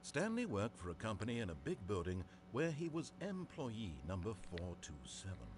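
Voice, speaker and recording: A lowish male voice as an all-knowing game narrator, swooping wildly up and down as he tells the tale. He is dry and theatrical and turns mocking and teasing toward the player. The voice sits over a clearly noisy game soundtrack. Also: huge pitch swings. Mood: measured. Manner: dry, mocking, drawn-out storytelling. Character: wry omniscient male storyteller, teasing and theatrical.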